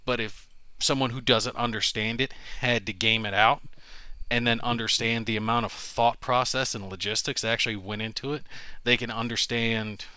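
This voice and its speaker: A man's voice: mid-range voice, fairly even intonation, normal speed, pushed and bright, clean tone, no room sound. A man co-hosting a casual podcast, earnestly explaining his reasoning at length. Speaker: podcast co-host. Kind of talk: casual chat.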